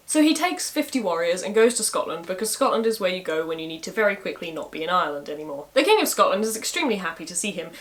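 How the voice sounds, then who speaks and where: A woman's voice: medium pitch, expressive, quick pace, hardly any pauses, a bit bright. A woman retelling a medieval saga in a casual way, with wry, sarcastic asides. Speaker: storyteller.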